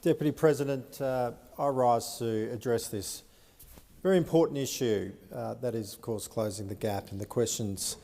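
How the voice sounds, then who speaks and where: A gravelly, dark-toned Australian man rises to speak in a parliamentary debate, measured and pausing often as he builds his case. The long reverb of a large chamber hangs around his voice. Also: mid-range voice. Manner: measured, frequent "uh" pauses. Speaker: senator. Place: Senate chamber.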